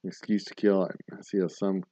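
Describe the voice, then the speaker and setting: A man's voice: sits low, flat delivery, normal speed, dark tone, muffled recording. A man co-hosting a casual podcast chat over drinks, ranting with lots of profanity and laughter. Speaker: podcast co-host.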